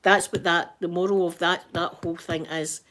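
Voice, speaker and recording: A Scottish woman from Glasgow hosts her own channel in a casual livestream, chatting and rambling with Scots words mixed in. Her voice sits lowish with little pitch movement, a moderate pace, and a fairly bright tone.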